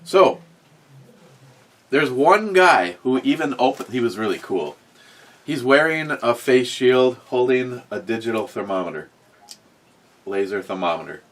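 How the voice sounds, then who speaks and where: A man's voice: medium pitch, lively intonation, a little slow, long pauses, a bit bright. A man hosting a casual podcast, rambling through a story with many restarts and fillers, and reading out chat comments. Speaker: podcast host.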